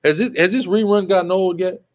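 A man's voice: high-pitched, fairly quick. A man hosting live commentary, talking emphatically and repeating himself, often asking "right?". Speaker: show host.

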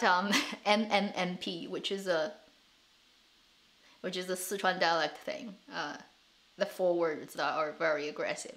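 A woman's voice: on the low side, a bit bright. A woman, chatting casually on her live stream, laughing often and repeating words as she thinks. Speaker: streamer and show host.

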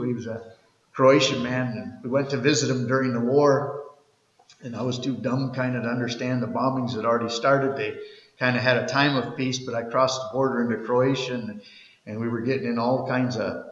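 A man's voice: mid-range voice, fairly bright tone. A middle-aged man preaching a sermon as pastor, telling stories in a conversational way and often restarting his words. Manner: conversational storytelling, repeats words when restarting. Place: church sanctuary. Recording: roomy church hall, dull lo-fi sound.

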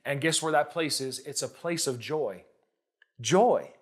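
A man in his thirties preaching a sermon to viewers at home, urging them to repeat after him, with loud bursts of emphasis between calmer stretches. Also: on the high side, a little slow, slightly rough. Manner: exhorting, urges listeners to repeat and shout along. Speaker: pastor.

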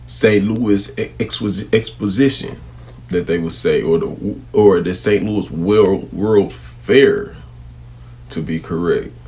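A man with a very deep voice talks casually to viewers. He trips over longer words and restarts. His tone stays relaxed throughout.

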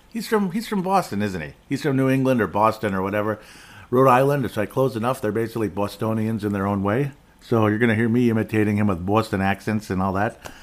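A middle-aged man hosting a casual solo sports podcast, rambling and digressive with chuckling asides. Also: fairly low pitch. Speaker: podcast host.

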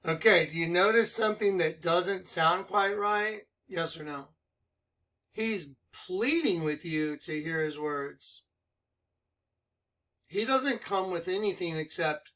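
Hyped up guy preaching, high bright voice, keeps asking yes or no. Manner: excited, rapid rhetorical questions. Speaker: online preacher. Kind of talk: excited preaching commentary.

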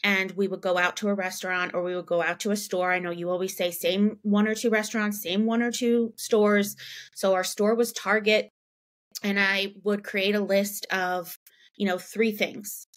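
A woman in her thirties, a mother and podcast guest, telling a story in a relaxed interview, full of "you know" and "right?". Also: normal speed. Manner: animated, acts out quoted dialogue in a raised pitch; chatty, many "you know" and "right?" fillers. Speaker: guest, parent.

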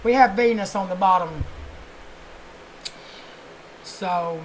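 A woman giving a casual tarot reading, chatty and blunt, who swears offhandedly and murmurs softly while shuffling. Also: medium pitch, slow pace, very noisy. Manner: chatty, swears casually, fillers like "you know". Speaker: tarot card reader.

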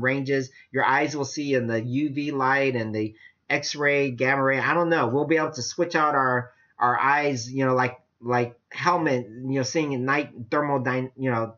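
A male preacher giving a casual, chatty sermon with lots of laughter. His voice sits at a middle pitch and is captured on a dull, lo-fi recording. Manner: animated, chatty, laughs often. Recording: dull lo-fi sound.

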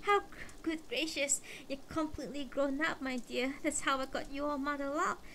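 A woman's voice: high voice, moderate pace, sharp tone, a little hiss or hum, voice pushed up. A woman reading aloud, voicing a small, cheerful older woman making fussy small talk.

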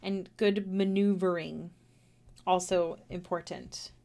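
A woman's voice: fairly low pitch, fairly even intonation, takes it slowly, vocal fry, mellow. Young Canadian woman chatting while drawing. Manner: rambling, self-talking, giggly. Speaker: streamer. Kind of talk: casual chat while drawing.

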